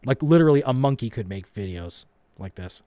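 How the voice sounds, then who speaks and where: A man's voice: medium pitch, animated, fairly quick, warm tone, no echo. Guy streaming live, cussing and roasting himself, dry close sound, mid voice. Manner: profane, self-mocking, rambling. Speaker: host. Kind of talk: live reaction commentary.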